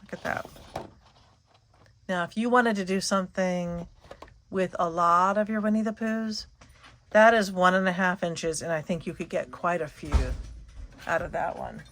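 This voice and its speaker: A woman's voice: lowish voice, moderate pace, pauses often, fairly bright tone, a little hiss or hum. Chatty woman gushing over paper. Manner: chatty, gushing, trails off mid-sentence. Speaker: scrapbooking channel host. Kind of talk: casual show-and-tell chat.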